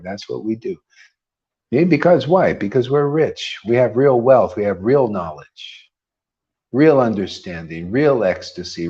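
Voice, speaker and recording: A man's voice: fairly low pitch, darkish tone, husky, muffled recording. A man hosting a devotional class, preaching informally in a rambling, emphatic way with frequent laughs. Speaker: host leading a devotional class.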